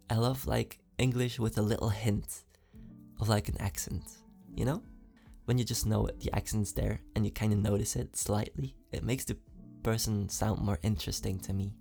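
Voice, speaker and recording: A man with a slight foreign accent answers fan questions in a relaxed, giggly way, full of ums and likes. His voice sits low and mellow with a gravelly fry, and faint music plays behind him. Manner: chatty and giggly, many fillers. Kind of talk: casual Q&A.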